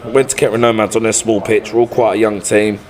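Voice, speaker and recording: A man's voice: lowish voice, little pitch movement, fast, a little mellow. A man, a football manager and podcast guest, telling stories from his career in a blunt, sweary, colloquial way. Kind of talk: casual storytelling chat.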